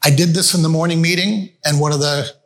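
Conversational male pastor, slightly high voice. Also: steady tone, brisk. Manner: conversational, addresses the audience as friends. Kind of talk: sermon with storytelling. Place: church meeting room with a screen.

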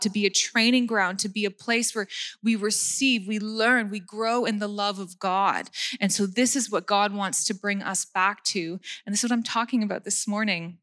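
A woman in her thirties from Canada preaching a casual sermon, chatty, laughing at herself, and repeating key words for emphasis. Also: medium pitch. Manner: warm chatty delivery with frequent fillers and self-deprecating laughs.

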